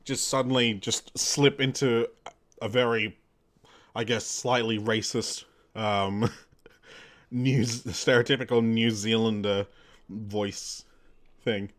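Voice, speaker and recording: A man's voice: on the low side, steady tone, slow, long pauses. A young adult man chatting casually while streaming a game, rambling and correcting himself with lots of fillers. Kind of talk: casual let's-play chat.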